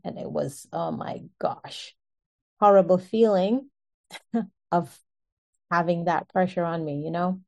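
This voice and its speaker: A woman telling her own story in an earnest, animated way, often breaking into short laughs. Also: lowish voice, a little slow, vocal fry, long pauses. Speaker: speaker sharing a personal testimony. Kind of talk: personal storytelling.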